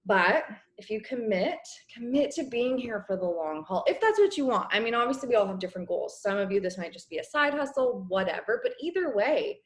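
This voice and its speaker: A young woman coaching her business team on a casual video call, chatty and encouraging, clearing her throat as her voice wears out. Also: fairly high pitch, big pitch swings, brisk, hardly any pauses. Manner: chatty, encouraging, many fillers. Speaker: network marketing coach.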